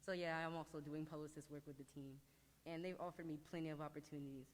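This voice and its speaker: A teenage girl speaks at a press conference in a low, even voice. She is earnest and halting, pausing often as emotion catches her. Her words ring out with a long reverb, as if spoken in a large hall. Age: teens. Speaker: high school lacrosse player.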